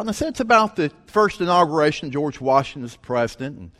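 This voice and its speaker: A man preaching, telling a story in an animated way and acting out the voices of the people in it. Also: on the high side, quick pace. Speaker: pastor. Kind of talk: sermon storytelling. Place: church sanctuary. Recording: long reverb of a large hall.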